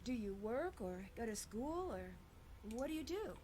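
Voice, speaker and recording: A woman's voice: a little high, big pitch swings, measured pace, warm tone, a little hiss or hum. An actress voicing a polite, guarded woman spy from the United States in a video game.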